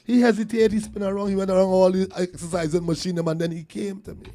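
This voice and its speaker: A man's voice: high-pitched, quick pace, faint music behind. A man with a Trinidadian accent, telling a community story in casual talk, acting out what others said. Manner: animated storyteller, acts out quotes, laughs between lines.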